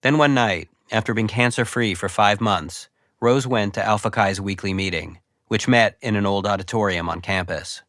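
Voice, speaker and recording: A man hosting a podcast and narrating the story in a wry, deadpan way. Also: fairly low pitch, moderate pace, hardly any pauses, no echo, clean studio sound. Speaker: podcast host. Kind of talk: scripted narration.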